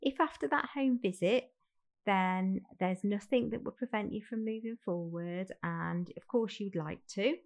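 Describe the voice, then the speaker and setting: A woman's voice: medium pitch, measured pace, darkish tone. A woman with a Birmingham accent, a fostering recruitment manager, explaining next steps kindly in a role-played phone call. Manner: friendly, reassuring, explains step by step.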